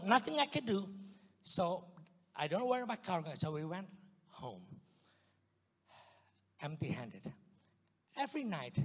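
A man with an Indonesian accent telling his testimony in a church, in a storytelling manner that swings from hushed to loud outbursts. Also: a little high, husky, long reverb tail. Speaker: guest speaker giving testimony. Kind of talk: sermon testimony.

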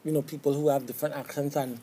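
A man's voice: fairly high pitch, little pitch movement, very fast, dark tone, breathy edge. A Trinidadian man, a soca artist being interviewed in a TV studio, who rambles and keeps asking "you understand?". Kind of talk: casual interview chat.

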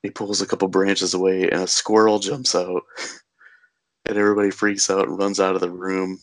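Man, low voice, casual rambling recap, lots of fillers, dry close sound. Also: little pitch movement, brisk, dry recording. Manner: rambling, filler-heavy storytelling with laughs.

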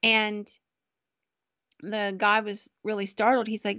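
A woman's voice: medium pitch, monotone, a little slow, long pauses, sharp tone, no echo. A woman podcast host casually telling a ghost story in a chatty, conversational way, on a dull, dry recording.

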